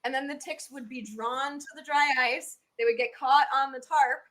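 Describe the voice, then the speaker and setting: A woman with a Southern US accent, talking as an expert guest in a casual interview, chatty and animated with many fillers. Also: high-pitched, normal speed.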